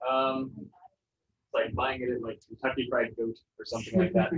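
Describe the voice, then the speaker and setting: A man teaching a Spanish class, relaxed and jokey, with many fillers. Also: medium pitch, normal speed. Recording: roomy, distant, muffled classroom sound.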